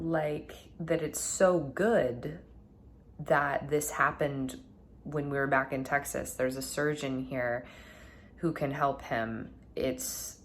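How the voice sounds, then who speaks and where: A woman vlogging at home, talking earnestly and thoughtfully to camera, often pausing with "like" and "you know". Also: deep voice, a little hiss or hum. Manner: earnest, musing, many fillers like "like". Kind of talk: reflective personal talk to camera.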